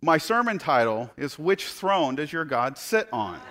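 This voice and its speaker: A man's voice: sing-song, unhurried, noisy background. A man preaching a sermon, retelling a scripture story with sarcastic jokes, laughing now and then and acting out the quoted lines in shifting voices. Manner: acts out quoted speech in higher and lower voices. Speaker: pastor.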